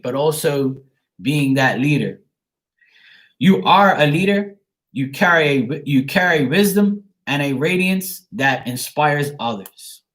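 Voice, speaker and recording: A man's voice: fairly high pitch, fairly bright tone. A man giving a live-streamed tarot card reading, talking frankly and greeting his viewers by name.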